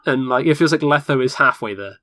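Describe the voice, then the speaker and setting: A man's voice: medium pitch, fairly quick, sharp tone, no echo. Man chatting eagerly, dry close sound. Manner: enthusiastic, explains at length. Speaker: podcast co-host. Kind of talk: casual chat about a video game.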